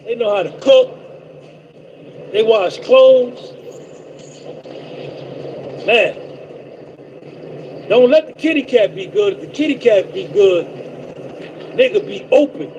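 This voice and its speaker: Very high-voiced New Jersey man. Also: expressive, slow pace, pauses often, lo-fi sound, a little hiss or hum. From North Jersey, USA. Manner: boastful, repetitive, giving shout-outs. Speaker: trucker livestream host. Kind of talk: casual live-stream monologue.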